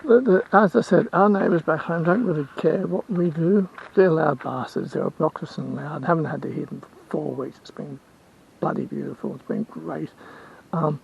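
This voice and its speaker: A man's voice: on the high side, normal speed, vocal fry, highs cut off, slight background noise. A man with an Australian accent, rambling and complaining in a casual vlog rant, repeating himself as he goes. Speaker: vlogger and house sitter.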